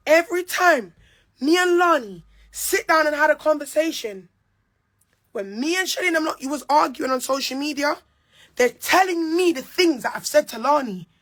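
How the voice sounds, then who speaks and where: Brief: young woman, high bright voice, angry confrontational rant, repeats herself. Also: animated, normal speed. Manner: heated, repetitive, confrontational. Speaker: reality show cast member. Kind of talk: angry monologue to camera.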